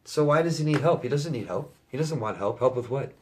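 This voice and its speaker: Man, life coach, viewer Q&A, blunt, swears a lot, repeats himself for emphasis, mid-pitched voice. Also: lively intonation, a little fast, a little hiss or hum. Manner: blunt and profane, emphatic repetition; reads out viewer questions, then answers them. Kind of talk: viewer Q&A monologue.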